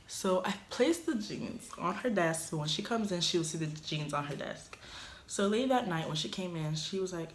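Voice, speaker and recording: A young woman vlogger telling a casual story in a dorm room, animated, swinging from loud outbursts to muttered asides. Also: on the low side, moderate pace, a little hiss or hum.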